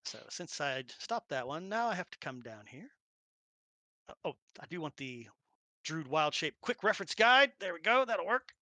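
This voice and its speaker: Man, game master, jokey and distracted, bright dry voice, lively pitch, close mic. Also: moderate pace, dry recording. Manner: muttering to himself, jokey and distracted. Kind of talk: casual chat while running a tabletop game online.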